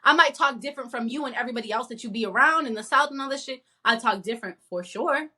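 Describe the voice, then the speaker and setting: A woman co-hosting a casual podcast, ranting in a blunt and profane way. Her voice sits high and sounds bright. She talks with lively, cutting energy. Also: fast. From not from the American South. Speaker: podcast co-host. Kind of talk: casual chat.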